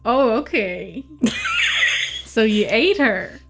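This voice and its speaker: A woman player role-playing in a tabletop game, excitable and quick to swear. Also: fairly high pitch, creaky, faint music behind. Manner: excitable, swears often, laughs a lot. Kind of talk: in-character tabletop role-play.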